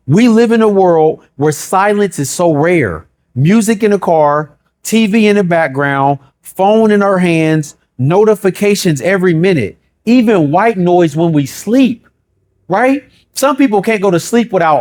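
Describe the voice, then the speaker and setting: Preaching at a moderate pace and with animation, a pastor leans on rhythmic repetition and rhetorical questions. He sinks into a low hush each time he voices God's words.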